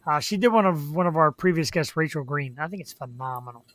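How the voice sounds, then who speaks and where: A woman's voice: deep voice, expressive, quick pace. A woman hosting a live web show, chatting casually and rambling with easy laughs. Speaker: show host.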